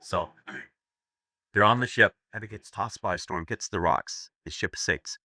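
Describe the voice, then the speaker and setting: A man's voice: lowish voice, unhurried, bright, forceful tone, no room sound, clean studio sound. A man giving a live seminar talk, telling crude jokes as stories and laughing at his own punchlines. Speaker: seminar speaker. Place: seminar room with audience.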